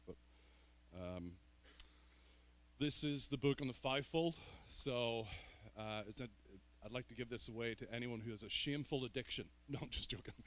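A man's voice: lowish voice, fairly bright tone. A man from Northern Ireland with a Northern Irish accent, a guest preacher opening his sermon with joking, self-deprecating asides in a church. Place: church sanctuary.

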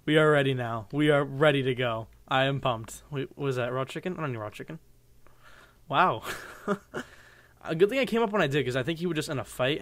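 A man's voice: mid-range voice, fairly bright tone, no room sound. A young man commenting casually on his own gameplay, rambling and joking with viewers in a goofy mood. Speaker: gaming channel host. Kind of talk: playing a game with live commentary.

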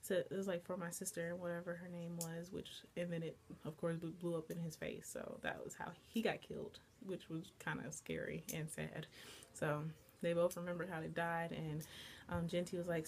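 A woman's voice: on the low side, level tone, moderate pace, creaky, slight background noise. Chatty young woman recapping an anime. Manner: chatty, lots of "like" and "blah, blah, blah". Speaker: anime review vlogger. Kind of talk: casual recap and review.

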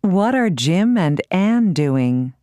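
A woman reading questions slowly and carefully in a grammar drill for an English course. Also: fairly low pitch, big pitch swings, mellow, no echo, clean studio sound.

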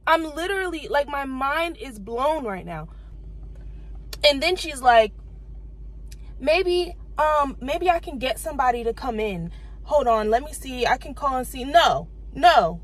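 A woman's voice: sits high, low-quality recording. A young woman, venting exasperated rants to her vlog camera from her car. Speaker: vlogger.

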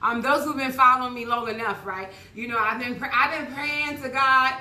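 Hoarse, bright-voiced woman fitness coach. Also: high voice, fairly even intonation, normal speed, echoey room. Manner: upbeat, repetitive, drifts into preachy testimony. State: hoarse, losing her voice. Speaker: fitness instructor. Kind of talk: casual talk to viewers after a live workout.

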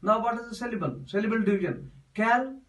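A man explains a poem as a classroom lesson, going over each point again and again with restarts. His voice sits high, and he sounds set back from the microphone. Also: measured pace, recorded from a distance, low-quality recording. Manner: repetitive, explains step by step with many restarts. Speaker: teacher.

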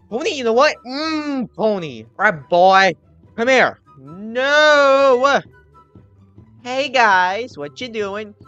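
Animated guy yelling game commentary. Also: sits high, muffled recording. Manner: animated, taunting the other players, often yelling. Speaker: gaming channel host. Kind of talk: excited gameplay commentary.

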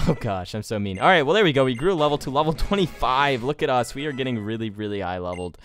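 A man hosting a video game let's play, talking straight to his viewers with jokey, excitable commentary. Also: medium pitch, quick pace, faint music behind.

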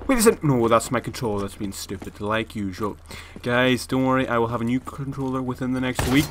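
A young man commentating his own shooter match, excitable and quick to shout and complain. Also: mid-range voice. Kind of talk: gameplay commentary. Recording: noisy with game gunfire behind.

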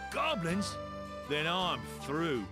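A man voicing a drunk, gruff townsman in a fantasy video game, curt and dismissive. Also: a little high, big pitch swings, slow. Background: game music.

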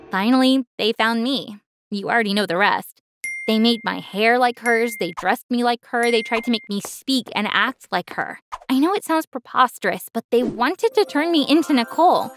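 A woman narrating an animated first-person story in a clear, expressive scripted voice. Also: fairly high pitch, normal speed, slight background noise.

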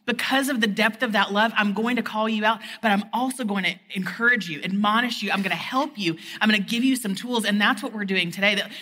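A woman preaches at a conference in a large hall, her bright voice ringing with a long reverb. She talks in a chatty, storytelling way and acts out the lines she quotes. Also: mid-range voice, a little fast, few pauses, a little hiss or hum. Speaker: conference speaker. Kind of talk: sermon with personal story.

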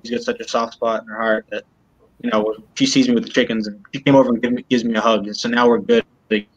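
A man being interviewed, retelling events in a halting way and often repeating words. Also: mid-range voice, level tone, husky, muffled recording. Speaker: interview guest.

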